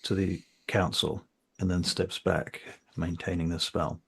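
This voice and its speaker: A man narrating as game master of a tabletop role-playing game, halting often with fillers and restarts. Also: low voice, little pitch movement, gravelly, fairly bright tone, breathy edge.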